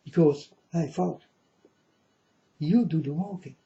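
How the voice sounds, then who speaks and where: A man giving a preachy monologue to his viewers, halting often and grandly addressing them as folks. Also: on the high side, gravelly, dark tone. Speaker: self-styled preacher vlogger. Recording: dull lo-fi recording.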